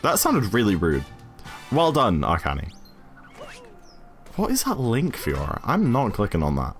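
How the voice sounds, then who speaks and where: A British man with a fairly low voice chats and rambles to his stream while gaming, laughing often. His pitch swings widely and animatedly as he talks. Faint game music plays behind him. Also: huge pitch swings, measured pace. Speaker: speedrun streamer. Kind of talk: casual chat while gaming.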